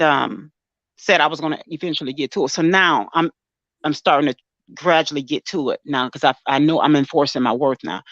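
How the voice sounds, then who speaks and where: A woman speaks softly and haltingly, restarting her sentences, her voice close to tears. The recording is dull and muffled, with a dry, close sound. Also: deep voice, no echo. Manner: soft-spoken, halting, with frequent restarts. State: tearful, close to crying. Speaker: guest poet. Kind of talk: emotional casual conversation.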